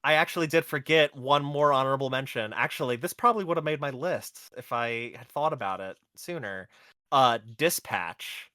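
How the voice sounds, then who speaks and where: Bright-voiced podcast host, dry sound. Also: male voice, medium pitch, expressive, moderate pace, no room sound. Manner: chatty, restarts phrases, laughs easily. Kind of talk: casual chat.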